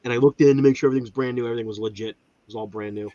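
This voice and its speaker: A man chatting casually as a guest, telling animated stories and slipping into mimicry. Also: mid-range voice, rapid-fire, no echo, dull audio. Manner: animated storyteller, mimics voices. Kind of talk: casual chat.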